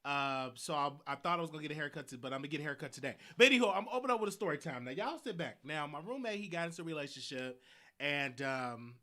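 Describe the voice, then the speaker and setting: A man with a Southern US accent hosting a live show, telling a rambling story in a casual, animated way, repeating himself and laughing often. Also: a little high, fast. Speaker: host.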